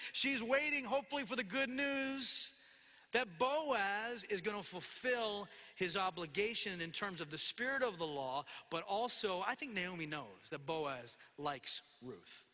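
High, bright-voiced preacher in a hall. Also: male voice, expressive, normal speed. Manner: expository preaching with quoted scripture and asides. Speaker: pastor. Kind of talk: sermon. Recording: long hall reverb.

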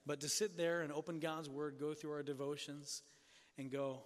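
A man preaching a sermon as pastor, earnest and questioning, often dropping soft and low for emphasis. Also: little pitch movement, normal speed, long reverb tail, a little hiss or hum.

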